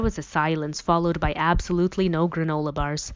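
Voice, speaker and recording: A woman reading a novel aloud as an audiobook reader, in a plain, even storytelling manner. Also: deep voice, fairly quick, few pauses, clean tone. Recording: dull lo-fi recording.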